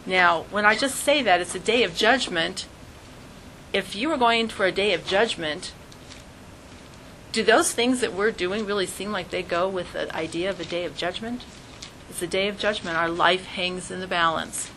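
A woman teaching a religious class, explaining with animated little acted-out scenes. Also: mid-range voice, moderate pace, a little hiss or hum, poor audio. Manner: animated, acts out little scenes in quoted voices. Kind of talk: Jewish studies class lesson.

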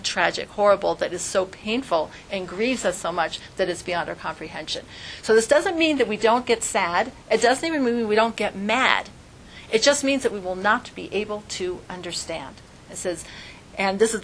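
A woman's voice: mid-range voice, a bit bright, slight background noise. A woman teaching an informal religious class, earnest and conversational, with strings of rhetorical questions. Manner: conversational, frequent fillers like "like".

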